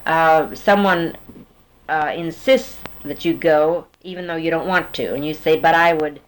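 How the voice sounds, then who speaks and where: Female interviewer with a low voice, patient and steady, coaxing answers. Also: unhurried, low-quality recording. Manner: patient, prompting with fill-in-the-blank questions. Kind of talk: dialect survey interview.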